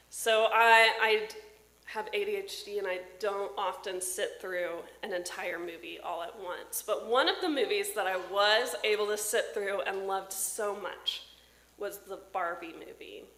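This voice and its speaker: Woman pastor preaching in an echoey church. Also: mid-range voice. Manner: warm personal storytelling from the pulpit. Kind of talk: sermon. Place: church sanctuary. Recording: roomy church echo.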